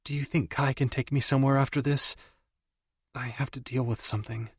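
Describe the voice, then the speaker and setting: A woman's voice: rumbling low, steady tone, a little slow, breathy edge, no echo, studio quality, heavily acted. A man voicing an upset young woman who speaks in a small, strained voice, in an audiobook. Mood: anxious.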